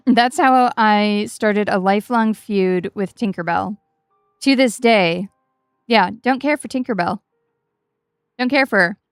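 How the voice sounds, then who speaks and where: A woman's voice: a little high, clean tone, dry recording, clean studio sound. A woman streamer telling a story casually while gaming, chatty and self-mocking, swearing freely.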